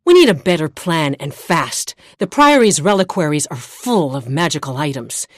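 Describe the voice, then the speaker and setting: A woman voicing a brainy, condescending small female asura scholar in a video game, speaking in a crisp, precise way over game music. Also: low voice, big pitch swings, normal speed, no echo, studio quality. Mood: haughty. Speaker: Priory agent.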